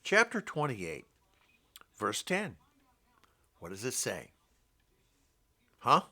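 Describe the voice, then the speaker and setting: A man's voice: mid-range voice, wildly swooping pitch, extremely slow, long pauses, sharp tone. An older man giving an informal, rambling Bible teaching in a blunt, scolding way. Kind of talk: informal preaching monologue.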